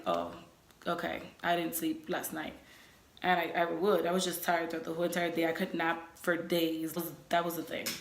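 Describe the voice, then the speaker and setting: A young woman tells a personal story in a loose, chatty way, scattering "like" and "you know" through her sentences. Her voice sits a little low for a woman, and the room around her is echoey. It sounds like a relaxed, one-person vlog. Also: a little hiss or hum. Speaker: vlogger. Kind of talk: casual storytelling.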